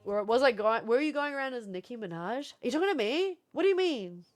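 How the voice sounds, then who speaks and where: A young woman from Florida, streaming and chatting casually with viewers, animated and swearing now and then. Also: fairly high pitch, fast, soft background music. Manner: animated, swearing, reads out chat. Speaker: livestreamer.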